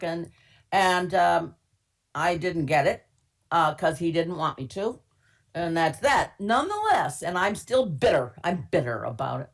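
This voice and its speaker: A woman's voice: on the low side, expressive, slow pace, a bit bright. An older woman from Minnesota, a casting director, tells stories from her work in a chatty, candid webinar interview, with wry humor and many fillers. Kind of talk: webinar interview, anecdotal storytelling.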